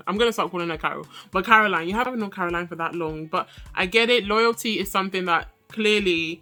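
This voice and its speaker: A woman's voice: medium pitch, fast, hardly any pauses, bright, forceful tone. Sassy chatty young woman reviewer. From Nigerian heritage. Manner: chatty, sassy, laughs often. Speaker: reality TV reviewer. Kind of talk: casual review chat.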